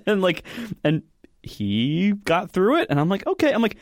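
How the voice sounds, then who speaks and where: A man's voice: high voice, huge pitch swings, unhurried, no room sound, clean studio sound. Rambly man telling a story on a podcast. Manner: rambling, full of fillers. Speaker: podcast co-host. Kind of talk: casual chat.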